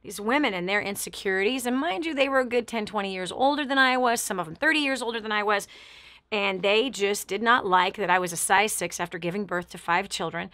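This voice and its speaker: A talk show host delivers a motivational radio monologue, recounting a personal story with emphatic, repeated phrases and acting out other people's words. Her medium-pitched voice is fairly quick, bright and forceful, with no room sound.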